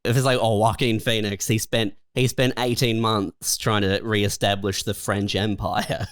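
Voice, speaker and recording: A man's voice: lowish voice, level tone, a little slow, fairly bright tone, clean tone, dry recording, studio quality. A man co-hosting a comedy podcast, bantering with jokes and frequent laughter. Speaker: podcast co-host. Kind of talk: casual comedic chat.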